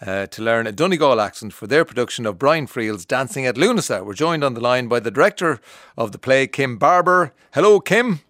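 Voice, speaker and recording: A man's voice: medium pitch, lively intonation, brisk, a bit bright, no echo, clean studio sound. An Irish man hosting a radio talk show, chatty and jovial, often laughing as he talks. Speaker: radio host. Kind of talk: casual radio chat. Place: radio studio.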